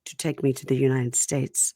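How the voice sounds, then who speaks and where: A woman's voice: a bass voice, flat delivery, moderate pace, dark tone, no echo, studio quality. A woman hosting a podcast, casually recapping a reality show and acting out the lines of its cast with wry asides. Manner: retells scenes with quoted voices and wry asides. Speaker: podcast host.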